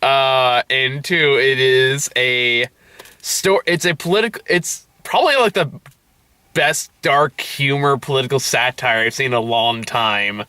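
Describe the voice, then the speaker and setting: A man's voice: medium pitch, unhurried, sharp tone, clean tone, no room sound. A man hosting a casual movie review chat, rambling and laughing often as he trails off mid-sentence. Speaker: movie review show host.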